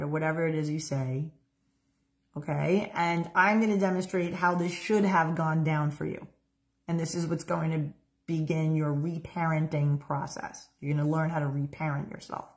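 Woman coach, slightly low voice, casual and animated, quick bursts of speech. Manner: casual, animated, with frequent "like" and "right?". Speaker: dating and relationship coach. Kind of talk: coaching talk with a demonstration role-play.

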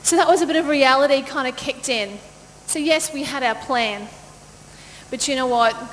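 A woman pastor telling a lively personal story in a sermon, laughing often and acting out the voices of the people in it. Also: sits high, moderate pace. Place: church auditorium. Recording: long church-hall reverb, faint noise.

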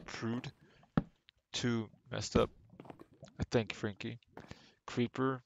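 A man's voice: medium pitch, flat delivery, slow pace, creaky, highs cut off, background noise. A young man streaming a game live, rambling casually to himself and his chat, often restarting his sentences, on a desk microphone at home. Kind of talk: casual live gameplay commentary. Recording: game music under the voice.

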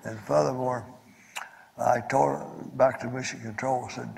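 Older man with a gravelly voice, telling a story. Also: mid-range voice, fairly even intonation, unhurried, darkish tone. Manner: anecdotal, folksy, repeats himself. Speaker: panelist, former astronaut. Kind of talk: storytelling at a panel forum. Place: conference hall. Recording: echoey hall.

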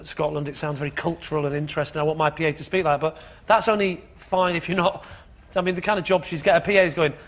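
A man acting as team captain on a comedy panel show, talking in a quick, animated, rambling way. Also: a little high.

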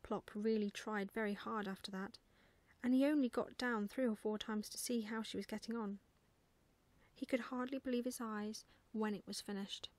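A woman reading a bedtime story aloud in whispered role-play, soft and slow. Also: mid-range voice, steady tone, dry recording.

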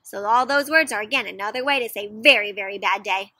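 A young adult woman reading a picture book aloud to children in an animated way, gasping and asking them questions. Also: mid-range voice, a little fast, no echo. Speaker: children's storyteller. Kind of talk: interactive read-aloud for kids.

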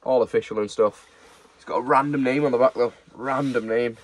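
In a chatty haul video, a young man who resells things online rambles casually about the secondhand football shirts he's selling. He talks fairly quickly at a medium pitch, with fairly even intonation.

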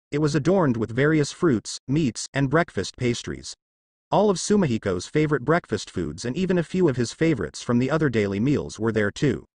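A man narrating a fan fiction story in a lively storytelling way. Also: no room sound, clean studio sound. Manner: lively storytelling, varies pitch for dialogue.

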